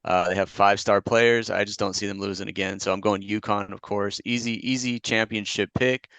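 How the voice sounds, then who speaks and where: A man's voice: lowish voice, steady tone, brisk, a bit bright, dry recording. A man co-hosting a podcast, talking in a laid-back, plainspoken way in casual sports banter. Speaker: podcast co-host. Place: Long Beach.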